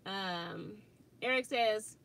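A woman's voice: mid-range voice, extremely slow, a bit bright, poor audio. A middle-aged woman hosting a casual quilting livestream, chatty and laughing often as she reads viewer comments aloud. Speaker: quilting channel host.

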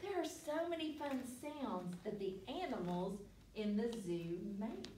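A woman's voice: on the high side, very animated, unhurried, warm tone, slight background noise. A woman hosting a library story time, reading aloud to children with playful animal sounds. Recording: echoey room, mic far off.

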